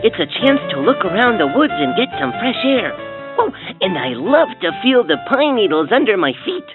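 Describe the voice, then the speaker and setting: A woman voicing an upbeat young hero in a toy's story, speaking with bright enthusiasm. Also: medium pitch, big pitch swings, normal speed, lightly acted. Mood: cheerful. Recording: tinny lo-fi toy speaker with soft music.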